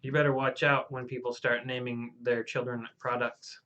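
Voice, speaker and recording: A man playing a deadpan, mysterious drinker in a coat, hosting live comedic banter. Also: medium pitch, moderate pace, muffled recording, natural voice. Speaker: host.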